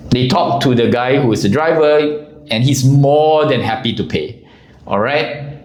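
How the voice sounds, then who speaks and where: Animated man telling a story. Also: medium pitch, echoey room. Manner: animated, acts out voices and gestures. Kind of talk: casual anecdote to camera.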